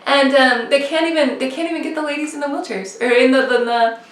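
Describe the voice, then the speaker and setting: A woman in her thirties telling a personal story in a casual, animated way, full of "like" and "you know". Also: high voice, fast, roomy sound, distant mic. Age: 30s. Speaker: motivational vlogger.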